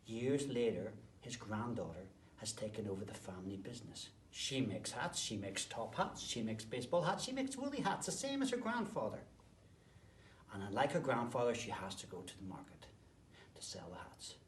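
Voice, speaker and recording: A man, a teacher, telling a story to children, swinging between whispered asides and sudden loud bursts. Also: fairly low pitch, very animated, normal speed. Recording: roomy, distant mic, faint background noise.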